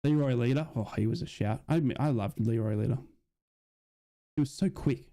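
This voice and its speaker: An Australian man streaming a football watch-along, chatting with viewers in a rambling, excitable way and often asking "you know what I mean?". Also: mid-range voice, a little fast. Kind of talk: live commentary chat with viewers.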